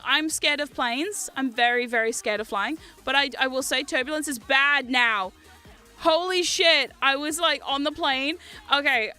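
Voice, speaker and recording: Young female streamer, New Zealand accent, high voice, animated and foul-mouthed, easy laugh. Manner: animated, swears freely, laughs often. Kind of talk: casual livestream chat.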